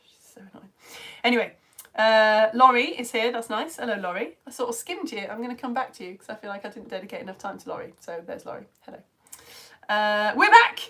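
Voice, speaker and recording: A woman with a fairly high voice reads out viewers' comments on a live lesson stream. She is bubbly and chatty and drops into whispered asides. Her throat sounds slightly strained. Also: animated, a little fast, a bit bright. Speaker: online science teacher.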